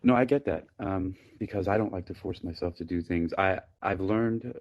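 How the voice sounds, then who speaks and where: Man, deep and low voice, relaxed casual chat, phone mic. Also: normal speed, muffled recording. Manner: relaxed and laid-back, playful. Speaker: host. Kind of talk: casual chat on a live audio app. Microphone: phone microphone.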